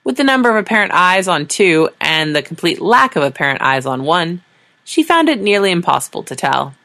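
A woman's voice: on the low side, big pitch swings, brisk, bright, forceful tone. A woman narrating a science fiction story in a dry, wry storytelling manner.

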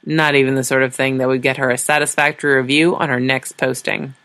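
A woman's voice: very deep voice, little pitch movement, fast talker, a bit bright. A woman narrating a science fiction story in a dry, wry storytelling manner.

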